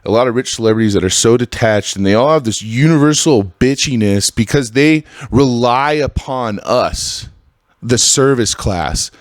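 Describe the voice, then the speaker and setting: A man in his thirties hosting a solo podcast, ranting with constant swearing and jumping into high, exasperated outbursts. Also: lively intonation, moderate pace, dry recording, studio quality. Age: 30s. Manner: profane, ranting, swings into high exasperated bursts. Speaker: podcast host.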